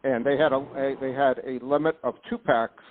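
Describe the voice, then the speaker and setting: Male podcast host, mid-pitch, rambly and indignant, tinny phone-line audio. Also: steady tone, normal speed, a little hiss or hum. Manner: rambling, indignant, restarts often. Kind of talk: casual chat.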